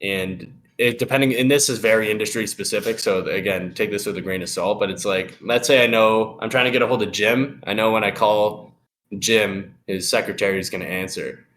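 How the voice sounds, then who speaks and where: A man's voice: lowish voice, a little fast, fairly bright tone. A young man giving loose, profane sales advice on a live call, acting out phone calls. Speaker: sales expert guest.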